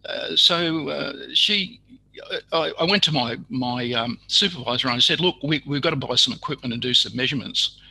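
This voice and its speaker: An older man, a retired physicist telling a long story in an interview, pausing often with fillers and restarts. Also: mid-range voice, vocal fry, sharp tone, husky, poor audio. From Australia. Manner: halting, full of fillers and restarts, acts out quoted dialogue. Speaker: guest, retired radiation physicist.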